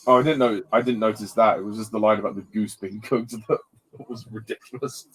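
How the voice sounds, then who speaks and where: A man's voice: lowish voice, fairly even intonation, a little fast, fairly bright tone, breathy edge, low-quality recording. A man casually commentating on a film, blunt and scornful in his judgments.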